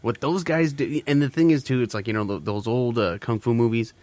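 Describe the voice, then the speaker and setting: A man's voice: medium pitch, a little fast, darkish tone, no echo. A man co-hosting a casual podcast chat, laid-back and crude, often trailing off with fillers. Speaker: podcast co-host.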